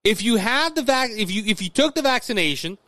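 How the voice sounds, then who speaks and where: A man's voice: extremely high pitch, very animated, brisk, sharp tone, no echo. A man from Louisiana, hosting a political commentary podcast, stumbling through restarts and addressing listeners as folks. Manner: repetitive restarts, talks straight to listeners as folks. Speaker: podcast host.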